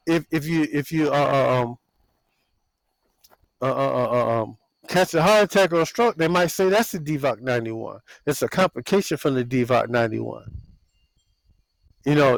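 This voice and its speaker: A man preaching casually outdoors on his porch, halting with long runs of repeated fillers and restarts in a warning tone. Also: medium pitch, no echo, rough recording. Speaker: religious video host. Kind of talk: casual street sermon.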